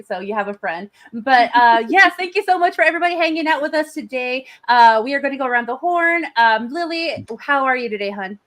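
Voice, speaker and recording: A woman's voice: high voice, expressive, fairly quick, hardly any pauses, a bit bright. A woman hosting a casual pop culture livestream, bubbly and laughing often. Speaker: host.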